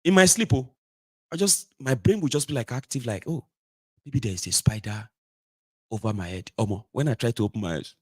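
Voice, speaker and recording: A Nigerian man hosting a casual livestream monologue from a home studio, animated, slipping into pidgin and acting out little scenes. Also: mid-range voice, a little fast, breathy edge, dry recording. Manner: animated, mixes pidgin and Yoruba, acts out voices. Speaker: host.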